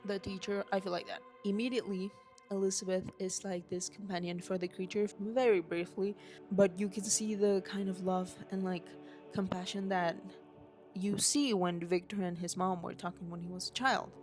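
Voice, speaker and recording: A woman's voice: mid-range voice, steady tone, moderate pace, a little mellow. A young woman with a mid-range voice gushes through an unscripted rant, tumbling from one thought to the next and cursing casually. She talks into a handheld mic that she swings around at home, with faint music underneath. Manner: gushing, rambling, swears casually. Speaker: vlogger. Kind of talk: unscripted excited movie rant. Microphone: handheld mic waved around.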